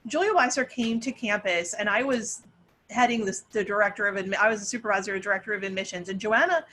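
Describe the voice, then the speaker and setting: A woman's voice: mid-range voice, quick pace, a bit bright, a little hiss or hum. A middle-aged woman, a parent panelist, telling a long story with many restarts over a video call.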